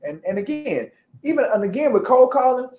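A woman co-hosting a casual chat, talking in a playful, slangy, lively way. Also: high-pitched, a little fast, roomy sound. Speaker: co-host.

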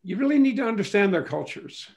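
A man's voice: high voice, lively intonation, fast, creaky, a little mellow. A man from England, a business leader on a panel, giving advice in a conversational way, often saying "you know".

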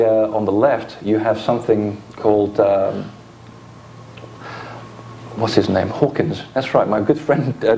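A man's voice: lowish voice, mellow, a little hiss or hum. A man giving an informal conference lecture with slides, explaining with dry asides into a microphone in a lecture hall.

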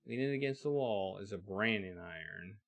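A man's voice: lowish voice, lively intonation, normal speed, background noise. A man streaming a live video game playthrough, reading game text aloud and making wry remarks on it. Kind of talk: live let's-play commentary.

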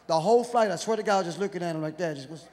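A man with a high, racing voice performs stand-up in front of a live audience, cursing freely and doing voices with lots of animation. He hails from Houston, Texas, and the recording picks up hall echo and the crowd.

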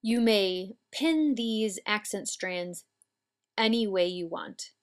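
A woman calmly explaining hair braiding steps as an instructor, patient and methodical. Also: medium pitch, takes it slowly, clear, resonant tone. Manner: calm, patient, step-by-step explaining. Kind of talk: instructional demonstration.

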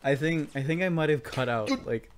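A man's voice: fairly high pitch, lively intonation, moderate pace, slight background noise. A young man hosting a let's play who chats casually over the gameplay, laughing and swearing as he rambles.

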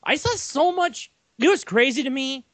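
A young man co-hosting a casual sports podcast, telling long rambling stories with animated energy. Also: very high-pitched, normal speed, no echo. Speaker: podcast co-host.

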